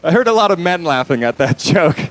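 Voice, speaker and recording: A young man doing stand-up into a handheld mic on a club stage. His voice sits a little high for a man and swings widely in pitch as he rambles through crude asides, full of fillers. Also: big pitch swings, fairly quick, poor audio. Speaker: stand-up comedian. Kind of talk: stand-up comedy set.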